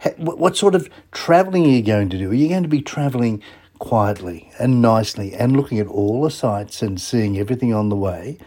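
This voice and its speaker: A man's voice: mid-range voice, animated, a little fast, a little mellow. A man hosting a radio show in casual talk, chatting to listeners and firing off rhetorical questions.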